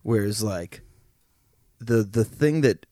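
A man's voice: fairly low pitch, takes it slowly, no echo, clean studio sound. A podcast co-host, a man, chatting casually and laughing his way through a funny story. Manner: laughs while telling stories, relaxed interjections. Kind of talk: casual comedic chat.

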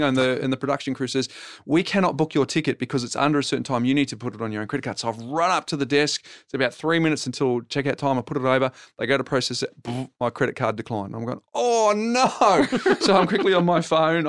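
Aussie guy, middle-aged, rattling off a long funny story real quick, dry close sound. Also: medium pitch, dry recording. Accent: Australian. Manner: animated, rambling anecdotes with laughs. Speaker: podcast guest and TV property co-host. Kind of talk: casual storytelling conversation.

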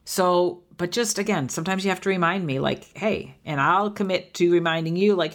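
A heartfelt woman in her fifties hosts a podcast in a slightly low voice. She speaks earnestly, often restarting her sentences as she reflects out loud. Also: brisk, few pauses. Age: 50s. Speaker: podcast host.

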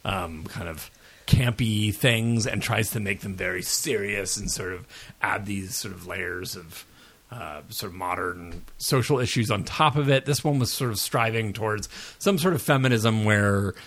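A man's voice: on the low side, normal speed, vocal fry, a bit bright, slightly rough. A man co-hosting a casual pop culture podcast, rambling and self-deprecating with lots of fillers, and jet-lagged. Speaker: podcast co-host.

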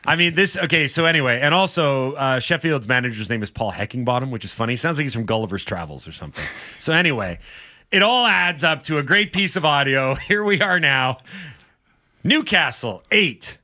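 Lively, joking male sports radio host. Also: medium pitch, fairly quick, no room sound, clean studio sound. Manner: joking, laughs often, playful asides. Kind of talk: casual sports talk.

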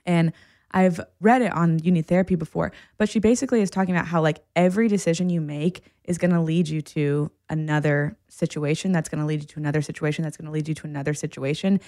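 Woman therapist, calm, reassuring, low-pitched, dry close mic. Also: fast, dry recording. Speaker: licensed therapist guest. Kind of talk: casual chat.

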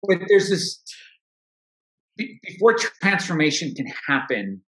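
The middle-aged coach's voice is a little high and fairly bright, swinging widely in pitch at a slightly slow pace. Earnest and reflective in conversation with an interviewer, he frequently begins sentences again; the sound is echoey.

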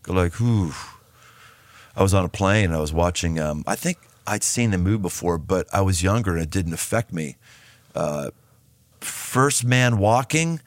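A man's voice: deep voice, animated, normal speed, no echo. A man in his fifties, a podcast host talking as the guest, speaking emphatically and often repeating and restarting his words. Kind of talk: casual podcast conversation.

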